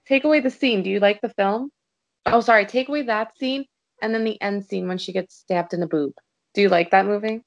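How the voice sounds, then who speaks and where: Gravelly-voiced woman, blunt and dry. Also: medium pitch, brisk. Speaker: podcast guest. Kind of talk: casual chat. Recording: dull lo-fi sound.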